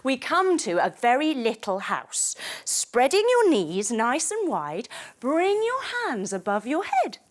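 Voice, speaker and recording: A woman teaching yoga to children through a bedtime story, giving gentle, playful, coaxing instructions. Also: high voice, sing-song, takes it slowly.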